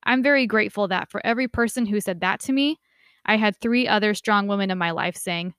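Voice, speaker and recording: A young woman giving a casual lecture, conversational and lively when she imitates relatives. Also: mid-range voice, fairly quick, clean tone, no echo, clean studio sound. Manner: conversational, animated quoting of family voices. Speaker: instructor.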